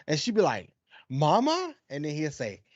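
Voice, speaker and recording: A man's voice: a little high, big pitch swings, quick pace, dry recording, dull audio. A young adult man co-hosting a casual chat, telling slangy, laughing stories and mimicking his toddler. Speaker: podcast co-host.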